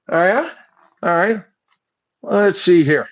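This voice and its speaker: A man's voice: fairly high pitch, sing-song, a little slow, highs cut off. An older man hosting a commentary show, speaking in a sarcastic, mocking way and reading lyrics aloud to pick them apart. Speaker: host. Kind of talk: opinionated commentary.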